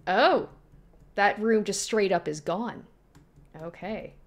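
A woman streams a horror game, giving live commentary in a mid-range voice and taking her time. She jumps suddenly at scares and reads the on-screen text aloud to herself.

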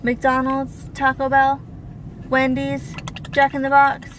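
A woman's voice: high voice, completely flat delivery, slow, slight background noise. A young woman in her twenties chatting casually in a daily vlog, giggly and teasing. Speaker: vlogger. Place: home and car, indoors.

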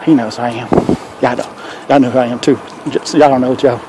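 A man's voice: mid-range voice, fairly even intonation, a little fast. An older man, chatting and rambling to his viewers as he walks a city street filming a casual vlog. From Texas. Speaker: vlogger. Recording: loud street and wind noise.

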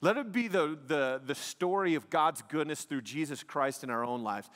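A man's voice: fairly high pitch, animated, normal speed, hardly any pauses, a bit bright. A man preaching a sermon in an emphatic, conversational way, often dropping "man" and "like" between points. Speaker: pastor. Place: church sanctuary. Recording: long reverb of a large hall.

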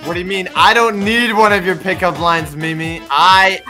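A man's voice: sits high, steady tone, moderate pace. A man playing along as a student in casual banter, playful and often hesitant. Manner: playful, hesitant, exclaims a lot. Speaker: player, student. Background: background music.

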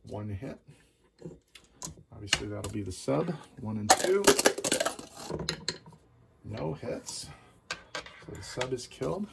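Gravelly man calling board game dice rolls. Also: medium pitch, slow, long pauses. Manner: steady, methodical, calls each dice roll. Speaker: board game player narrating his game. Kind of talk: play-by-play board game commentary. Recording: loud background noise.

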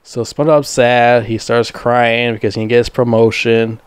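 A man's voice: medium pitch, level tone, normal speed, smooth, no echo. A young man ranting casually and profanely as a movie reviewer, rambling and mocking. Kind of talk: casual rant.

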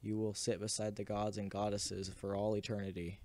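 A man reading the part of a calm, ominous female cult leader, pronouncing each line solemnly. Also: lowish voice, moderate pace, dry recording, close to an everyday voice.

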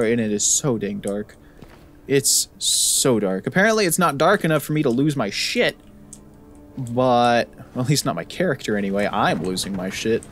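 A man's voice: medium pitch, a bit bright. A man commenting on a horror game as he plays, with joking, sarcastic asides. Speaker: gaming video host. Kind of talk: let's-play commentary.

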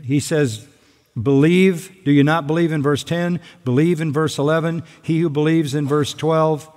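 A man's voice: on the high side, fairly even intonation, moderate pace, darkish tone. A man preaching an expository sermon as pastor, emphatic and fond of repeating key phrases. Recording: hall reverb.

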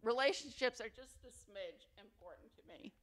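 A woman's voice: on the high side, lively intonation, moderate pace. A woman giving an award acceptance speech at a ceremony, chatty, playfully humorous and sentimental. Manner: affectionate, sentimental. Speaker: faculty award recipient.

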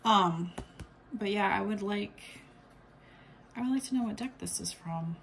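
A woman's voice: mid-range voice, measured pace, a little hiss or hum. A woman vlogger chatting casually about a subscription box, rambling with lots of fillers and restarts. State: has the hiccups. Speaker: unboxing vlogger. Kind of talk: casual unboxing chat.

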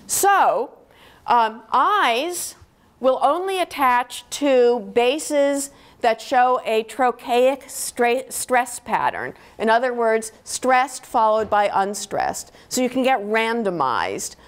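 Woman professor lecturing in a hall; a higher voice and slow deliberate pace, explaining patiently with "okay?" check-ins. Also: very animated. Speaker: linguistics professor giving a lecture. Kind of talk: university lecture.

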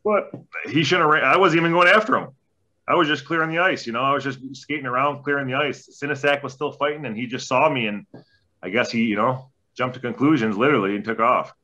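Ex-athlete, male, 40s, relaxed profane storyteller with a bright tone, recorded on dull lo-fi audio. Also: mid-range voice, quick pace. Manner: laid-back, heavy swearing, rambling anecdotes. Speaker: podcast guest, former junior hockey player. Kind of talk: casual storytelling interview.

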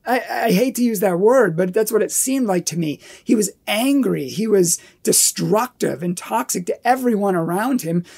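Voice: medium pitch, expressive, normal speed, vocal fry, hardly any pauses, darkish tone, breathy edge. A Catholic speaker telling a personal testimony in an earnest, emphatic way, building up repeated phrases.

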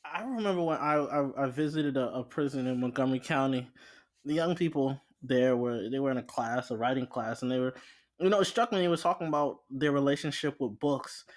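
A man hosting an interview, reflective and warm, asking questions with many halting restarts. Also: mid-range voice. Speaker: guest host.

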